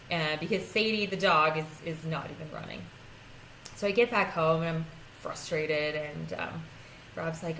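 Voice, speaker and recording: Woman, personal growth coach vlogging: casual, self-deprecating, quick to laugh, faint background hum. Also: fairly low pitch, expressive, a bit bright, poor audio. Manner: chatty and self-deprecating, laughing often, with frequent restarts. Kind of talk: casual talking-to-camera vlog.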